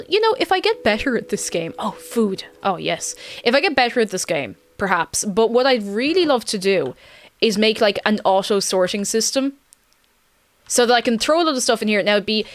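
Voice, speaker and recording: A woman chatting casually with her viewers while playing a game, rambling and giggling between asides. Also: mid-range voice. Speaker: game streamer. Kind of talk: casual live-stream chat while playing.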